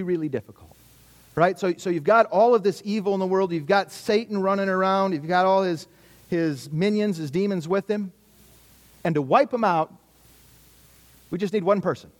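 A middle-aged man delivers a sermon in a relaxed, conversational tone. His voice sits a little high for a man. He leans on rhetorical questions and repetition to drive his points home. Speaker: pastor.

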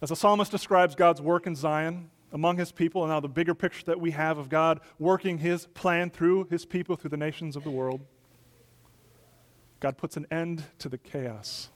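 Male pastor, middle-aged, slightly high voice, emphatic sermon delivery with loud peaks and soft drops. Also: fairly even intonation, moderate pace.

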